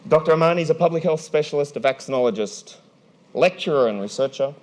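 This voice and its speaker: A man moderating a conference panel in a large hall, energetic and playful, often restarting his sentences. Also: a little high, quick pace.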